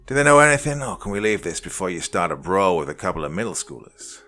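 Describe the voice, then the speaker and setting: A man voicing an exasperated male partner who yells from a distance. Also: deep voice, big pitch swings, quick pace, soft background music, exaggerated voice. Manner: yelling from a distance.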